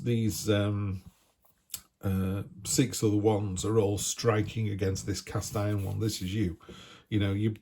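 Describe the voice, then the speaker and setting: A man's voice: lowish voice, dark tone. A man giving a casual, encouraging weekly tarot reading, chatty and full of restarts. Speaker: tarot reader.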